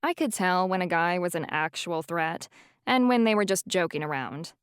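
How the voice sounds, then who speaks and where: A woman narrating a first-person audiobook in an even, wry storytelling way. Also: lowish voice, normal speed, clear, resonant tone, no echo, studio quality.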